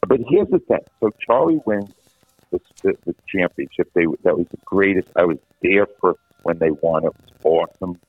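Man, middle-aged, veteran radio host, very low voice, husky, phone-line sound, animated storytelling. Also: moderate pace, no echo. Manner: animated anecdotal, frequent restarts. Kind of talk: casual storytelling chat.

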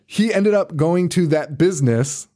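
A man's voice: on the high side, lively intonation, unhurried, warm tone. A man co-hosting a podcast in casual chat, rambling through a story with lots of swearing and frequent laughter. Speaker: podcast co-host.

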